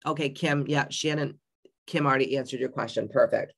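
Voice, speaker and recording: A hoarse woman hosting an online coaching community in a casual live stream, blunt, loud and heavily profane. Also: extremely low pitch, a little fast. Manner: loud, brash and upbeat.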